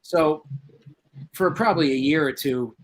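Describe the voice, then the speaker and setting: A man's voice: fairly high pitch, a little slow, rough recording. A man in his forties from New England, a paranormal investigator telling a story in a casual interview, acting out the dialogue. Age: 40s. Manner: animated storyteller, acts out quoted dialogue. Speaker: paranormal investigator, podcast guest.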